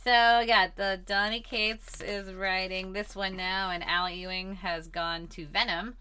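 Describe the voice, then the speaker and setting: Bright-voiced woman, laughing co-host. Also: mid-range voice, flat delivery, unhurried, clear, resonant tone. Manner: laughs often, teasing. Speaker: podcast co-host. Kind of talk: casual chat. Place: comic book store.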